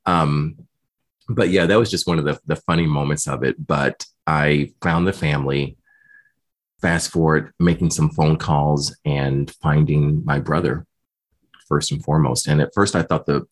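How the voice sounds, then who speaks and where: A man being interviewed, telling a personal story in a lively way and quoting the people he spoke with. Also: rumbling low, moderate pace, breathy edge. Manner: animated retelling, voicing others in quotes. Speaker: guest.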